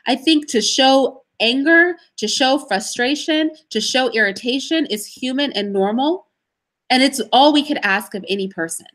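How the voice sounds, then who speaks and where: Emphatic woman, fairly high voice. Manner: emphatic, animated storytelling with pauses. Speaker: interview guest. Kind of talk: livestream interview answers.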